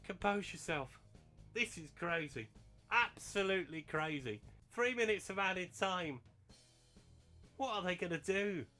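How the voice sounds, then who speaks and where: A man hosting a gaming channel, giving excitable live commentary on a football management game and bursting into shouts and laughter at big moments. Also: sits high.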